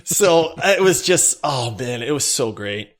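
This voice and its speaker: Excitable man telling a story, laughing. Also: medium pitch, a little slow. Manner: laughing, excitable, rising to near-shouts. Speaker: podcast co-host. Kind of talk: animated storytelling.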